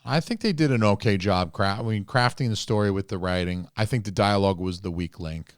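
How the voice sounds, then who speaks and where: Low-ish guy rambling about a movie on a podcast, cusses a lot, dead dry sound. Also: fairly quick, no echo. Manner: rambling, swears freely. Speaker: podcast co-host. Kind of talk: casual movie review chat.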